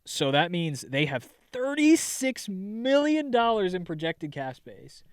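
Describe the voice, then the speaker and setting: A man's voice: high-pitched, big pitch swings, unhurried, smooth, no echo, clean studio sound. A young man co-hosting a podcast, chatting loosely about hockey, cursing and laughing often. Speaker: podcast co-host. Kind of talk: casual sports chat.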